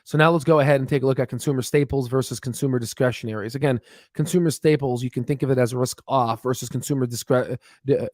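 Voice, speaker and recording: Man, middle pitch, dry room, casual market explainer, rushing, frequent fillers and restarts. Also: darkish tone, no echo. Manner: many fillers and restarts, talks fast on purpose. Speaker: stock market educator. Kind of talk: chart walkthrough, casual explainer.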